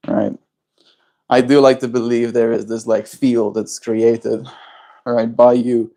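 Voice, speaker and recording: A man's voice: mid-range voice, level tone, slow, warm tone. A man livestreaming, musing in loose casual chat and answering his viewers' messages.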